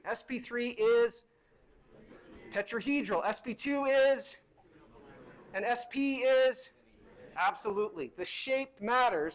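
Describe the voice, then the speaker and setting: A man's voice: very high-pitched, a bit bright. A middle-aged man teaching a university chemistry lecture in a hall, conversational and asking the class questions as he goes.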